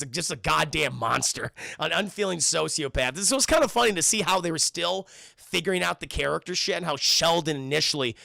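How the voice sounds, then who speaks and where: A man's voice: fairly high pitch, vocal fry, pushed and bright, no room sound. A man streaming a casual, profane and rambling recap of a TV episode for his chat. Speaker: streamer reviewing a TV show.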